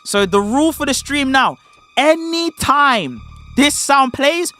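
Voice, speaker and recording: A man streaming live, talking in a bright, high voice with big swings in pitch. He is emphatic and jokey with his chat, and faint music plays behind him. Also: slow. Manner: animated, emphatic, joking with chat. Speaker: streamer reacting to a debate clip. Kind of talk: casual live-stream commentary.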